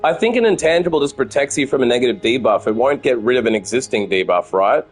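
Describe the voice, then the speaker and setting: A man's voice: mid-range voice, expressive, fast, slightly rough. Brief: Australian man in his thirties, swearing casual game streamer, faint music behind. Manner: thinks aloud, swears freely, chats with viewers. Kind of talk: casual gameplay commentary.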